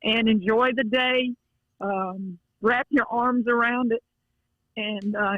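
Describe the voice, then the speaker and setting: A woman's voice: a little high, fairly even intonation, takes it slowly, no room sound. A middle-aged woman with a Louisiana accent, a basketball coach speaking as a guest by phone, heartfelt and folksy. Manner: heartfelt, folksy, with many restarts. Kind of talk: emotional phone interview. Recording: dull, dry phone line.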